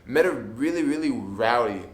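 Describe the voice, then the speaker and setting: A man's voice: medium pitch, expressive, moderate pace, roomy sound. A young man from the United States telling a casual travel story, rambling with lots of "like" fillers. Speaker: travel vlogger.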